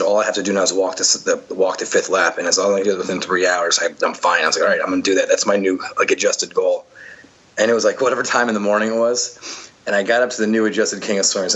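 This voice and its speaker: Man, husky voice, quick talker, rambling storyteller, lots of fillers. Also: deep voice, a bit bright, poor audio. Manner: rambling, many fillers and restarts. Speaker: podcast guest, obstacle racer. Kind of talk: casual storytelling chat.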